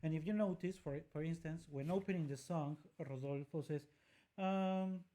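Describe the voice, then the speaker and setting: A woman's voice: deep voice, fairly quick, mellow. Woman breaking down a singer's phrasing. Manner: explanatory, demonstrates by singing phrases. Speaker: co-host and vocal coach. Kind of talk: analytical music commentary with sung examples.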